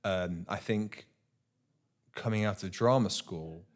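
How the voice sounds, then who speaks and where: Young male actor, lowish voice, earnest and animated, stumbles and repeats words as he talks. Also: takes it slowly. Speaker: actor guest. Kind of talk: casual interview chat.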